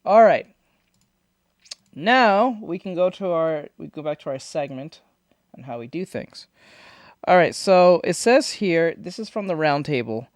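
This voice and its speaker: A man hosting a reaction video, shouting and swearing at scary moments and mumbling his asides between them. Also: fairly high pitch, expressive, measured pace, dry recording, clean studio sound. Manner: loud swearing outbursts and screams, then mumbling asides. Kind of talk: casual reaction commentary. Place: home recording room with foam treatment. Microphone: desk microphone.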